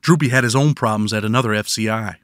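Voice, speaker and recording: A man's voice: on the low side, fast, fairly bright tone, clear, resonant tone, dry recording. A man narrating his own prison memoir in first person, with dry, wry storytelling.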